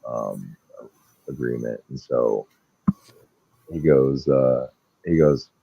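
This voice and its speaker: A man co-hosting a podcast, telling stories in a casual, animated way and acting out the people in them. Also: extremely low pitch, slow, gravelly, slightly rough, no room sound. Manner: animated anecdote-telling, acting out quoted people, laughs often. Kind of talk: casual storytelling chat. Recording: dull lo-fi dry sound.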